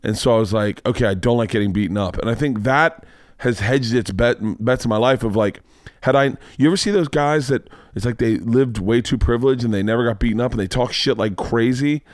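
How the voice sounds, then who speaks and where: A man hosting a podcast, telling a story in casual chat, profane and animated, acting out the people in it. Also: medium pitch, brisk, dry recording, clean studio sound. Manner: profane, animated storyteller who acts out voices. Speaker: podcast host.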